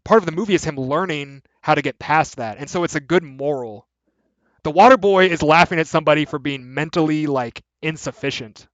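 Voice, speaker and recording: A man's voice: fairly high pitch, a bit bright, dry recording. A young man hosting a video, giving rambling, filler-heavy, profane opinions in casual commentary. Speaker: video essay host. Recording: dry, slightly dull lo-fi audio.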